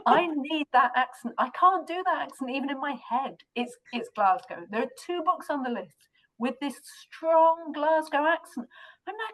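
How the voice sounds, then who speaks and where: A woman's voice: high voice, animated, normal speed, a bit bright, rough recording. A woman who is a school librarian and podcast co-host, speaking in an enthusiastic, emphatic way during a casual discussion.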